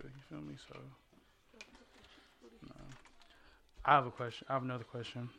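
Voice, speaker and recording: Gravelly, bright-toned man, casual host, animated and profane. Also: mid-range voice, fast talker, long pauses. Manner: animated, swearing, laughs often. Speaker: podcast host. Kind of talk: casual group chat. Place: indoors at a table.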